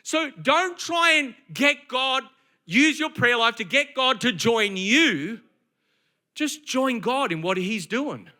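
A man preaching a sermon, emphatic and conversational, slipping into quick acted asides. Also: extremely high pitch, lively intonation, sharp tone.

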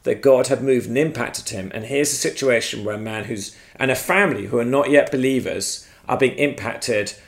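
Gravelly man telling a story. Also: mid-range voice, normal speed, hardly any pauses. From England. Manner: lively storyteller with shifting emphasis. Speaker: guest speaker. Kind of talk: storytelling testimony on video. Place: outdoors at their home, front yard.

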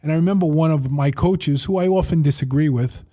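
A man sits at a table for a casual podcast and tells animated stories, playing out each quoted line. His voice sits a little high but has a mellow, dark tone. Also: brisk. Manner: animated storyteller, quoting himself and others. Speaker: facility owner and manager.

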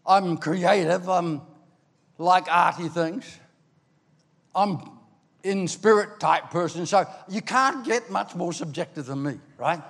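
An older man preaching in a hall with a long ringing reverb. His voice sits fairly high for a man, and he tells stories with lively swings between loud and hushed. He acts out the voices of the people he quotes. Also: slow, creaky, husky. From Ireland. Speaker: pastor. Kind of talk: sermon.

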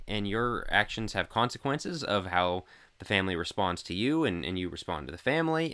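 A man in a casual podcast discussion, speaking in a measured way and weighing both sides of a point. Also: lowish voice, a bit bright.

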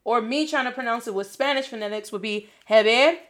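Talking fast in a voice on the high side, a young woman who teaches Spanish runs an informal lesson. She's energetic and slangy, slipping Spanish phrases in as she goes.

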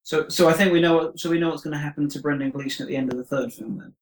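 A man as a podcast guest in casual film discussion, speaking in a polite, measured, slightly tentative way. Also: fairly high pitch, fairly even intonation. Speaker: podcast guest, former co-host. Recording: roomy echo.

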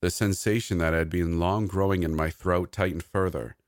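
Low-voiced man narrating a horror story. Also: steady tone, normal speed, no room sound, clean studio sound.

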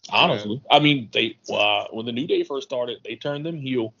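A man with a husky, slightly rough voice, walking his co-hosts through wrestling moments in eager detail. The sound is muffled and lo-fi. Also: medium pitch, animated, normal speed, sharp tone. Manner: detailed storyteller, enthusiastic fan. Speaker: podcast co-host. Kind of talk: casual wrestling recap chat. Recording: dull lo-fi sound.

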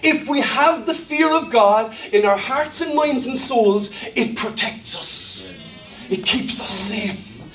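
Man, Irish accent, pastor, sermon, high voice, animated and jokey, distant mic, echoey hall. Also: slow pace, soft background music. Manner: animated, jokey, laughing through his stories. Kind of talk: sermon with humorous storytelling. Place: large church hall.

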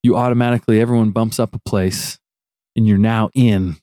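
A man's voice: on the low side, a little fast, no echo, clean studio sound. A man telling a long story in casual chat on a podcast, laughing often and acting out what people said. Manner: animated, laughs often, acts out quotes.

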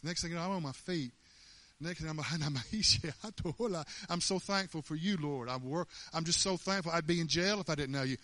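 A man preaches in a folksy, rhetorical style, stacking question after question and doubling back on his words. His voice is bright and a little high for a man. The sound is dry and close. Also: no room sound. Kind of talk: sermon.

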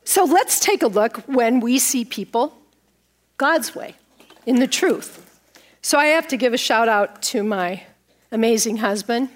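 A middle-aged woman pastor preaches a playful, storytelling sermon. Her voice sits a little high, and she jokes and laughs at her own props as she goes. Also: a little slow. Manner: playful, animated, laughs at herself.

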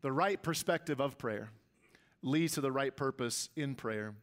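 A man's voice: medium pitch, measured pace. A man preaching a sermon as pastor, with emphatic delivery that rises and swells on key lines.

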